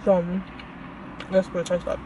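A young woman vlogger sits in a car reviewing food on her phone, chatting in an animated way and calling her viewers "y'all." Her voice is lowish at a moderate pace, with background noise present.

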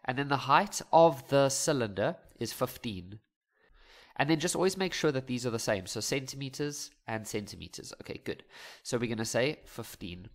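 A young man teaches maths in a loose, conversational way, cracking jokes and laughing at himself as he works through the problems. His voice sits at an ordinary middle pitch and he keeps it relaxed and informal. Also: moderate pace. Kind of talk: casual maths lesson over worked examples.

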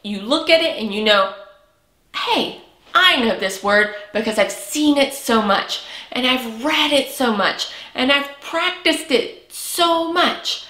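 A woman's voice: high-pitched, animated, slow, sharp tone. A woman teaching a preschool lesson, speaking patiently and encouragingly and stretching out sounds for young children. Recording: echoey room.

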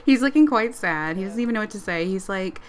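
A woman casually narrating her life-sim game play, excited and giggly. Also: mid-range voice, fast talker, a little hiss or hum. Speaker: let's play creator.

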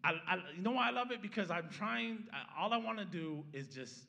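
Fairly quick and animated, a man with a high-pitched, creaky, pushed and bright voice preaches in a church sanctuary, his words filling a large hall. He speaks to the congregation conversationally, frequently asking "right?", and starts with a prayer before turning to teach the Bible passage.

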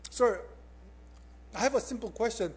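A humble old man asks his question plainly and earnestly, as a preacher acts him out in a sermon, in a raised, slightly high male voice. He keeps each point simple and pointed. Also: normal speed, slightly rough.

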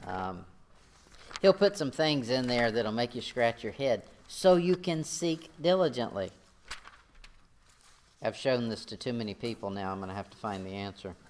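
Male preacher, folksy sermon delivery, middle pitch, reads scripture aloud. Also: big pitch swings, normal speed, a little hiss or hum. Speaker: pastor.

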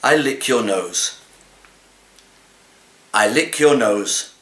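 A male actor giving an expressive reading of comic poems in a cat's voice, swinging from low murmurs to plaintive high pleas. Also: very slow, reverberant.

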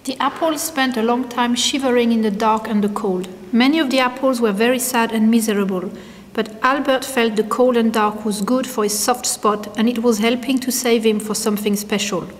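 Brief: female storybook reader, slightly high voice, long echo around her. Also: steady tone, normal speed. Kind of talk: storybook narration. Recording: long hall reverb.

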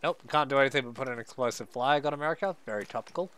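A man's voice: medium pitch, rapid-fire, a bit bright, clean tone. Joking Australian streamer man. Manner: swearing, joking, chatting with viewers. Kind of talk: casual gameplay commentary.

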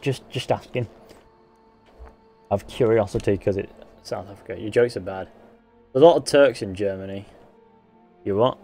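Sweary English streamer with a mixed accent. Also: male voice, medium pitch, a little mellow. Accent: English, Northern and West Country mix with a Midlands sound. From England. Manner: blunt, sweary banter, reading viewer comments aloud. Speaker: game streamer. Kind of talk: casual live-stream chat while gaming.

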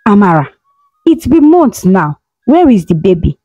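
Woman doing a scheming, accusing mother-in-law, mellow voice, dry sound. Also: mid-range voice, big pitch swings, normal speed, dry recording, highs cut off. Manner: accusing, sharp.

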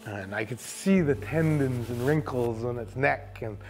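Speaking at a measured pace with a slightly mellow, medium-pitched voice, this camp owner tells the story of an outdoor encounter, performing the quoted speech as he goes. Faint music plays behind him in the forested coastal camp where he's interviewed.

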